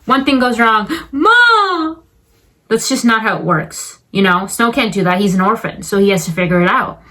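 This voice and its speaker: A woman's voice: medium pitch, brisk, a bit bright, poor audio. A young woman talking casually about a film, chatty and full of fillers, now and then acting out the characters' lines. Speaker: film commentator. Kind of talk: casual film review vlog.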